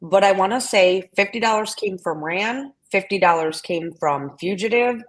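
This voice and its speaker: A woman's voice: mid-range voice, normal speed, rough recording. A woman hosting a livestream, angrily swearing and talking back to people in the chat. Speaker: livestream host. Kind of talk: heated livestream talk.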